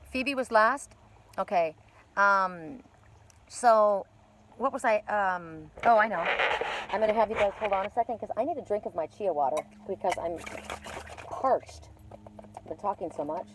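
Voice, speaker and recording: A woman's voice: mid-range voice, measured pace, long pauses, noisy background. Woman, live-stream card reader; loose, chatty, spiritual tone, talking outdoors by water. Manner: rambling, chatty, with many fillers and restarts; gentle spiritual encouragement. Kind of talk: casual live-stream chat with viewers. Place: outdoors at a lakeside cove.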